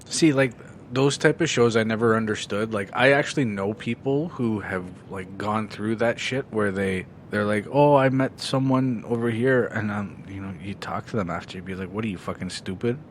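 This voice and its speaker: A man's voice: fairly low pitch, normal speed, a little hiss or hum. A man co-hosting a casual podcast, laid-back, often answering with short agreements and swearing casually. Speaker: podcast co-host. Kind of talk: casual chat.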